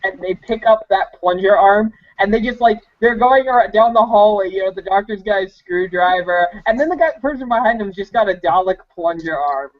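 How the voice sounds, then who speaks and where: High voiced guy rambling eagerly on a fan podcast, muffled sound. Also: fairly quick, few pauses. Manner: eager, rambling, tosses out ideas. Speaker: podcast co-host. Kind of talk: casual fan chat.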